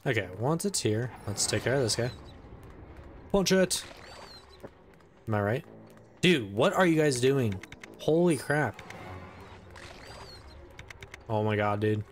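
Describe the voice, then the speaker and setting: Male let's play host, mid-pitched, excitable, chatty running commentary. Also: measured pace, long pauses, slight background noise. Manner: excitable, talks to the game and its characters; says "dude" a lot. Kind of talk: casual gameplay commentary.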